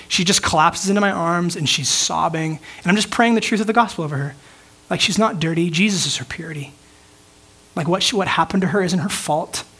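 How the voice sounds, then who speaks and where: Young guy pastor preaching, chatty and casual, says like a lot, slightly high voice. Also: a bit bright, slightly rough. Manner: casual, filler-heavy storytelling with frequent "like". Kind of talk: sermon with personal story.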